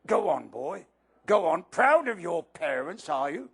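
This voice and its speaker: A man voicing a loud, drunken, bullying older aunt with a blustering, contemptuous way of talking, reading a children's novel aloud. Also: a little high, big pitch swings, unhurried, creaky, slightly rough, full character voice. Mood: spiteful fury. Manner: blustering, contemptuous, stretched-out words.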